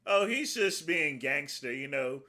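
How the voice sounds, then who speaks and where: A man's voice: fairly high pitch, expressive, a little slow, pushed and bright. A man hosting a livestream, making crude, mocking asides about the clips he plays. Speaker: livestream host. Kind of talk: casual commentary over played clips.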